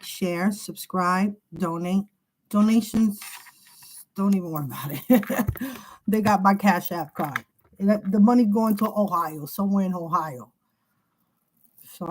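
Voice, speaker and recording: A woman's voice: mid-range voice, measured pace, long pauses, slight background noise, rough recording. A woman giving an emotional tarot reading who talks in an agitated way, repeats herself and swears. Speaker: tarot reader. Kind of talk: emotional spiritual tarot monologue.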